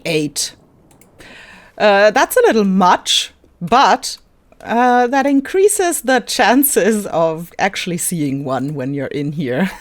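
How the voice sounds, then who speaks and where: A woman giving casual commentary while playing a park-building game, thinking aloud, giggling and answering her own questions. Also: on the low side. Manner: giggly and easily delighted. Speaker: gaming YouTuber.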